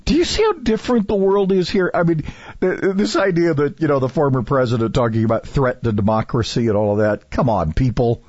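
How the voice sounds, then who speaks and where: Rambling radio talk host, husky voice. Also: male voice, medium pitch, expressive, a little fast, a little mellow, no room sound, muffled recording. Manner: rambling, self-interrupting, chatty with many fillers. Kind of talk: casual talk radio chat.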